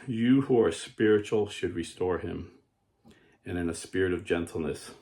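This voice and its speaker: A man's voice: low-pitched, measured pace, darkish tone. A man preaching an earnest sermon and telling a parable, often restarting and repeating words. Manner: tells a parable. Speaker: Catholic preacher.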